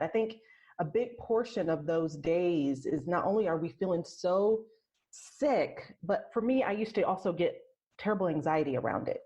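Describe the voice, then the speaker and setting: A woman talking as a podcast guest in casual interview chat, soft and reflective, often restarting her sentences. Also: lowish voice, expressive, normal speed. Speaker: podcast guest, aromatherapist and health coach. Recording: lo-fi muffled sound.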